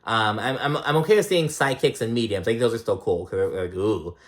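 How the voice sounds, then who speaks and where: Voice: mid-range voice, expressive, brisk. Rambling, foul-mouthed recap vlogger. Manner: rambling, swears often, lots of "like" and "um". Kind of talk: casual recap commentary.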